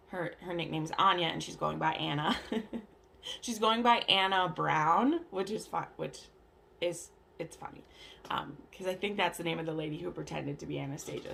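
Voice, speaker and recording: A woman with a lowish, gravelly voice chats casually about books, filler words everywhere. She is recording at home in her bathroom on a camera hung from the shower curtain. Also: a bit bright, a little hiss or hum. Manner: chatty, lots of "like" and "um", acts out characters' lines. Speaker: book vlogger. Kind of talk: casual book chat.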